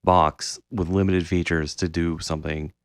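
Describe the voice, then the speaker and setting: A man co-hosting a podcast, ranting in casual, profane, animated chat. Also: deep voice, moderate pace, smooth, no echo. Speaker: podcast co-host.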